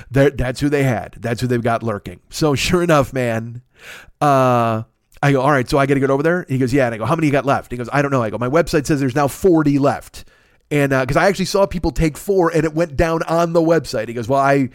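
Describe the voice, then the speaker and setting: A man telling a comic story in a podcast, animated and profane, acting out the people he quotes. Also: mid-range voice, no echo, clean studio sound. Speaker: podcast host.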